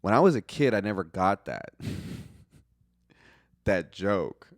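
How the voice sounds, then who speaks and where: Low-voiced young man, loose movie recap. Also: very animated, takes it slowly, dry recording, clean studio sound. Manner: loose and profane, heavy use of "like"; laughs at his own jokes. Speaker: movie reviewer.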